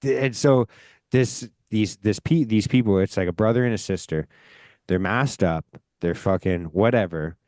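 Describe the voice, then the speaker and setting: A man's voice: lowish voice, moderate pace, darkish tone, no room sound, studio quality. A man from Canada hosting a podcast, telling a rambling story in casual chat, swearing often and speaking with emphasis. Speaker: podcast host.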